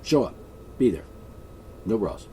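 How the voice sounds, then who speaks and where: A man with a somewhat low voice rambles through a comic monologue, posing as a king issuing decrees. His talk meanders with jokes and asides. A faint background hum sits under the recording. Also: sing-song, unhurried, warm tone, far from the mic. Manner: mock-royal, joking and meandering. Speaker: vlogger.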